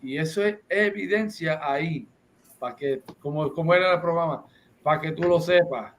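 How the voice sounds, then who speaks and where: A man teaching a class, reading passages aloud and restating them forcefully in English and Spanish. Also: fairly high pitch, fairly quick, slight background noise, low-quality recording. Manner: preachy, reads text aloud and restates it, switches between English and Spanish.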